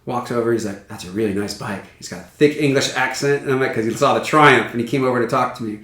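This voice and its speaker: A man from Iowa chats as a podcast guest, telling animated stories and laughing often. His voice sits at a middle pitch and comes from a little way off the mic, with a roomy echo around it. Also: fast, far from the mic. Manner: laughs often, animated storytelling with acted quotes. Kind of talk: casual storytelling chat.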